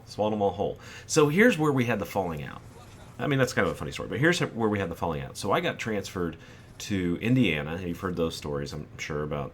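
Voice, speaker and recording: A man's voice: deep voice, slight background noise. A man in his forties hosting a gaming channel, telling a rambling personal anecdote over gameplay and acting out the quotes.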